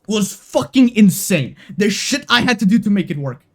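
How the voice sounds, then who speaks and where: A woman's voice: mid-range voice, animated, moderate pace. A young adult woman streaming a game live, talking emotionally and swearing freely as she repeats herself. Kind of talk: live-stream gaming commentary.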